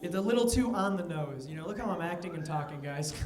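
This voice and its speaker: A young man doing a stand-up comedy set, talking casually with quick asides and mock voices for the people in his jokes. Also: on the high side, expressive, a little mellow, roomy sound. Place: comedy venue with live audience.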